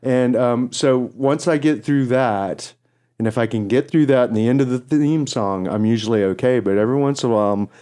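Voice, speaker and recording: Middle-aged East Texas man, radio co-host; animated, filler-heavy anecdote teller. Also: mid-range voice, a little fast. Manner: animated, laughing storyteller with many fillers. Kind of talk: casual storytelling interview.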